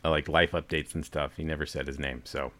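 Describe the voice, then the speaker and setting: A man's voice: very deep voice, flat delivery, brisk. A middle-aged man co-hosting a podcast, rambling and poking fun at himself in casual banter. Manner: self-deprecating, rambling, drops into soft mumbles. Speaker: podcast co-host.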